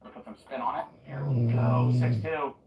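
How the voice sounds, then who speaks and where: A man on a headset mic giving live, excitable commentary on his own gameplay, yelling and swearing at opponents. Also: mid-range voice, brisk, echoey room, dull audio, noisy background. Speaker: streamer.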